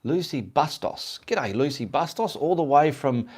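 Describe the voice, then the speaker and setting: Greeting viewers by name as he rambles, a Perth-born Australian artist runs a casual livestream. His voice sits a little high, animated and a bit slow, with a darkish, slightly rough tone.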